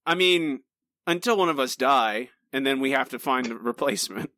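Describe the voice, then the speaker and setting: A man co-hosting a podcast in casual chat, animated and teasing with mock indignation. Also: mid-range voice, moderate pace, no echo, clean studio sound. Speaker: podcast co-host.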